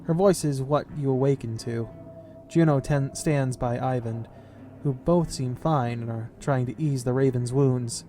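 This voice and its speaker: A man's voice: medium pitch, a little slow, dark tone. Man reading game text aloud. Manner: reads text out steadily, then breaks off into casual comments. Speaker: game player and narrator.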